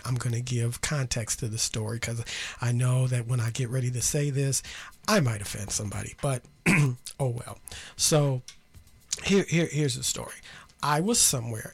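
Husky gravelly male radio host. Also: mid-range voice. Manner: chatty storyteller, many restarts. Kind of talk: call-in radio talk.

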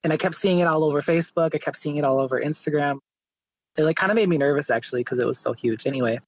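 A man's voice: on the high side, racing, no room sound, low-quality recording. A man, an artist and interview guest, telling his story casually with lots of "like" and "you know". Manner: relaxed, many fillers like "like" and "you know".

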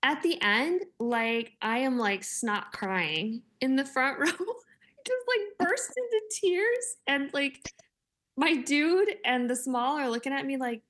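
Woman, forties, higher pitch, casual chat, filler-heavy storytelling. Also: measured pace, a bit bright. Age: 40s. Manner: chatty, laughing storyteller with many fillers.

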